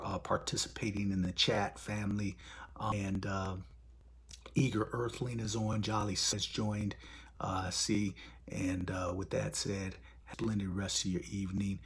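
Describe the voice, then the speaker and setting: A man's voice: on the low side, slightly rough. A man hosting a live stream in casual talk, blunt and profane. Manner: blunt, profane, animated storytelling.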